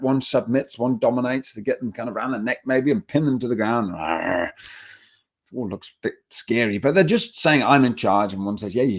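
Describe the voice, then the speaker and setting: Man, dog trainer, webinar talk, animated storyteller, acts out quotes. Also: medium pitch. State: emotional at times.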